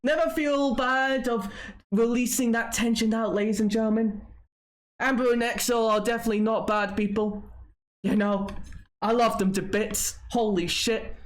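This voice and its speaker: High-voiced excitable young male streamer. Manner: excitable, laughs often, rants in bursts. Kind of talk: casual live-stream chat. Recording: faint background noise.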